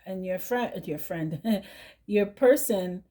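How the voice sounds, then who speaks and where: Mellow-voiced woman giving a tarot reading. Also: mid-range voice, slow. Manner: chatty, keeps asking "right?" and humming "mm-hmm". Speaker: tarot reader.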